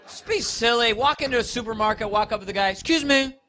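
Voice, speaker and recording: A man's voice: high-pitched, fast talker, pushed and bright, a little hiss or hum. A man doing a live stand-up set in a comedy club, rambling playfully and teasing the audience.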